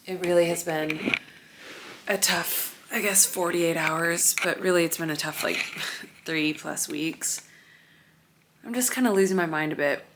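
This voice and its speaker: A woman's voice: fairly low pitch, unhurried, long pauses, noisy background. Weary, emotional woman vlogging. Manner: tired, emotional, rambling with many "like"s. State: weary and overwhelmed. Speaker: vlogger and mother. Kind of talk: confessional vlog chat. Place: apartment during a move.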